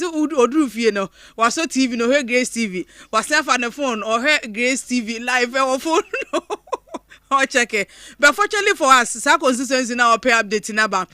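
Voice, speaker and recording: A man's voice: very high voice, sharp tone, clean tone, no echo, studio quality. A Ghanaian man co-hosting live election coverage, laughing often and bantering in Twi and English. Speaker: co-host. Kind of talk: live election-night studio talk.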